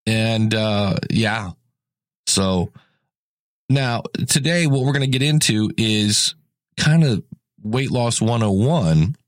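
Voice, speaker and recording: A man's voice: lowish voice, animated, slow pace, pauses often, no echo, studio quality. A man hosting a casual solo podcast, chatty and rambling, often correcting himself mid-sentence. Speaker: podcast host.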